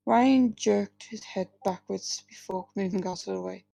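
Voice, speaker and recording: Woman reading her own story live, lots of fry, mellow voice, restarts here and there. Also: medium pitch, a little slow, dry recording, poor audio. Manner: plain reading with slips and restarts, few distinct character voices. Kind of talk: live reading of first-person fiction.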